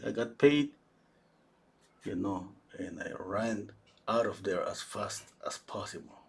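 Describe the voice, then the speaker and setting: Brief: male painter, thirties, raspy and gravelly, loose storytelling. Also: fairly low pitch, fairly even intonation, takes it slowly, pauses often. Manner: rambling, fillers and restarts, chuckling. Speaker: painter teaching while painting. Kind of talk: casual storytelling during a live painting.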